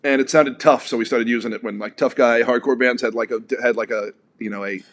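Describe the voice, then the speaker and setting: A man's voice: medium pitch, steady tone, brisk. A man co-hosting a casual podcast, telling rambling stories peppered with swearing and filler words. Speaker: podcast co-host. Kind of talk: casual chat.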